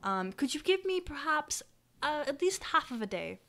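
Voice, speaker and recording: A woman's voice: high-pitched, sing-song, normal speed, a bit bright, a little hiss or hum. A woman running a tabletop game over a video call, rambling with many likes and ums as she speaks for a townswoman. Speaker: game master.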